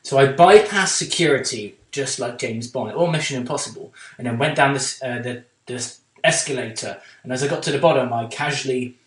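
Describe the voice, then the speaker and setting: A man's voice: medium pitch, brisk, hardly any pauses, fairly bright tone, far from the mic. A man co-hosting a podcast, telling a long casual anecdote with lots of fillers and restarts. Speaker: podcast co-host. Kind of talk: casual storytelling chat. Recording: roomy echo.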